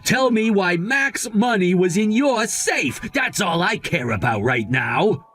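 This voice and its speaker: A scheming young crook with a short fuse, voiced by a man, bursting into indignant shouts. His voice sits high and swoops widely, and he drags out his words slowly. Faint music plays underneath. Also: sing-song, full character voice. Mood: furious. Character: scheming, hot-tempered young man caught stealing.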